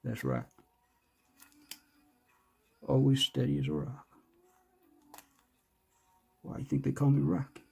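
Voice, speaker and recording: Gravelly, dark-voiced man joking through an unboxing. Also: mid-range voice, sing-song, slow pace, pauses often. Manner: joking, rambling, self-hyping, profane. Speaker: vlogger. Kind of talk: casual unboxing commentary.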